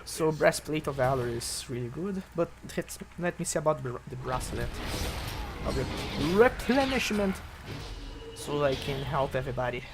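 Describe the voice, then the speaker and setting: A man giving let's-play commentary on a game, breaking into excited, swearing outbursts at the action. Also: mid-range voice, moderate pace, over music. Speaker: gameplay commentator.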